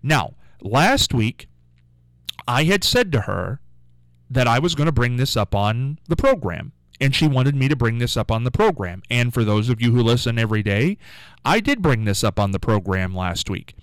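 A man's voice: medium pitch, sing-song, normal speed, smooth, no echo, rough recording. A man hosting a local radio show, telling a rambling story in a chatty, casual way.

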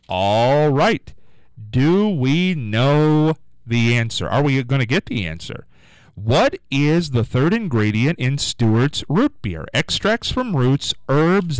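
A man hosting a live radio call-in quiz, with an upbeat, sing-song way of answering callers and a throat going hoarse. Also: mid-range voice, slow, dry recording, rough recording. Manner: lively, upbeat, sing-song when rejecting guesses. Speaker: radio call-in show host. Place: radio studio.

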